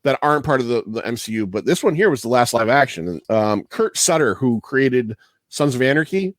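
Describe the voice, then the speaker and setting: Man, podcast host, casual rambling chat, swears a lot, laughs often, medium pitch, dry close recording. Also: expressive, fairly quick, no room sound.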